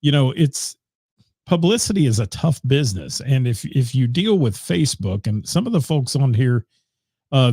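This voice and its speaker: A man's voice: mid-range voice, vocal fry, mellow, husky, no echo, clean studio sound. A man hosting a casual live online radio show, rambling with lots of fillers and greeting commenters by name. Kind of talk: casual live-stream chat. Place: home studio.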